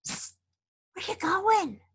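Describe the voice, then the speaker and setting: A woman voicing a timid young male ranch dog in a storybook reading, with a small, anxious, breathy voice. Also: extremely high pitch, wildly swooping pitch, normal speed, a bit bright, voice pushed up, heavily acted. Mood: nervous.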